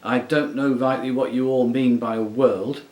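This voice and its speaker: A man's voice: medium pitch, lively intonation, a little slow, echoey room, close to an everyday voice. A man reading an audiobook, voicing a stout, dogged male marsh creature who talks short of breath. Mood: stubborn.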